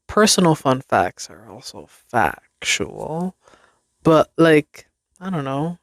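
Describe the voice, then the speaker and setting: A young woman hosts her own podcast, chatting casually and solo about her life, poking fun at herself and laughing often. Her voice sits low, and the clean studio sound has no echo.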